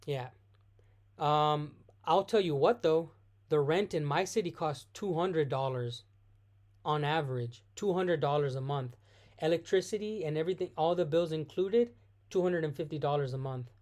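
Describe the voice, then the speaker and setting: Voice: mid-range voice, normal speed, darkish tone. Live-streamer answering chat, self-correcting. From United States. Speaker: vlogger hosting a live stream. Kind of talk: casual live Q&A.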